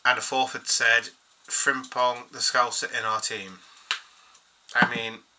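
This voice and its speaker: Chatty bright-voiced man. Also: medium pitch, level tone, takes it slowly, slight background noise, rough recording. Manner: chatty, rambling, reads quotes aloud. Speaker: fan channel host. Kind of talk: casual solo commentary.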